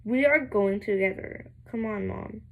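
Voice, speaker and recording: A woman's voice: mid-range voice, measured pace, vocal fry, narrow, tinny audio, slight background noise. A young woman reading a novel aloud, voicing a stubborn teenage boy who refuses to leave his mother. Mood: defiant.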